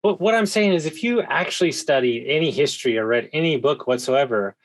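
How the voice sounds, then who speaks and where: A man hosting a podcast interview, talking in an emphatic, excitable way with quick restarts. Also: a little high. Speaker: podcast host. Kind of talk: conversational interview.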